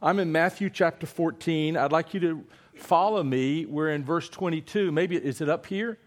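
A man's voice: a little high, moderate pace. A man, a preacher giving a sermon and coaxing his congregation to read scripture aloud with him. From Eastern North Carolina. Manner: playful, coaxing the congregation, then hushed and earnest. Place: church before a congregation.

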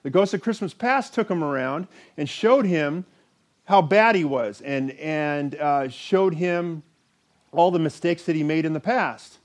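A man preaching a sermon, reading scripture aloud and telling a story with animated delivery. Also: a little high, measured pace.

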